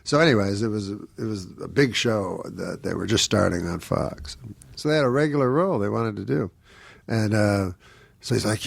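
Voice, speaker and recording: A man with a gravelly, creaky voice, recorded close and dry with almost no room sound. He tells long, rambling stories in a dry, offhand way, breaking into quick laughs now and then on a casual podcast. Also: fairly low pitch, dry recording. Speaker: comedian guest.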